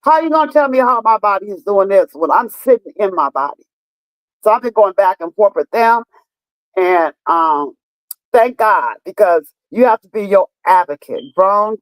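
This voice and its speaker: The recording is dry and poor, carrying a woman's mid-range voice. In her fifties, she chats casually with her live-stream viewers, addressing them directly and telling stories emphatically with lots of cursing.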